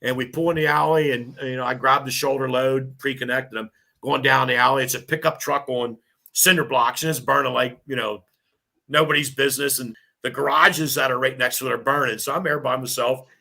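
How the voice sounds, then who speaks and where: A man in his fifties, a firefighter lieutenant, telling animated, swearing stories on a podcast. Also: medium pitch, a little fast, gravelly. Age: 50s. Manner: animated, laughing, swearing storyteller. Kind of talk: casual storytelling.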